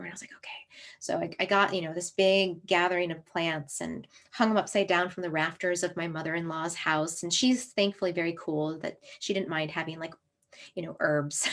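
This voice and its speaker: A woman herbalist in her thirties tells a personal story in a relaxed, chatty way. Her voice sits a little low, and she slips into playful voices for the people and plants in her story. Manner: animated, acts out inner voices with laughs. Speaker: herbalist and herb school teacher. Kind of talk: casual storytelling talk.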